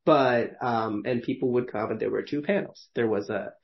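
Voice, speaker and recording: A man in his thirties with a gravelly mid-range voice speaks at normal speed on a muffled recording. As a podcast host, he tells stories casually, rambling with lots of fillers and laughing often.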